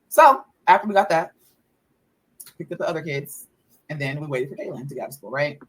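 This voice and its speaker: A woman's voice: low voice, lively intonation, fairly quick, slightly rough, low-quality recording. A mother telling a story in a casual vlog, exasperated and profane, repeating herself as she vents about her kids.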